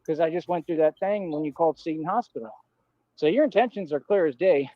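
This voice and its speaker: A man with a slightly high voice rants defiantly into a livestream, looping back to the same points in loose street slang. The audio is dull and lo-fi, with a dry, close sound. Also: a little fast, dry recording. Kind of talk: ranting livestream monologue.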